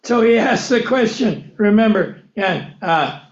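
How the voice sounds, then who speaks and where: A man's voice: high-pitched, lively intonation, measured pace. A man preaching a Bible-teaching sermon who asks rhetorical questions and then answers them himself. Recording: echoey room, dull lo-fi sound.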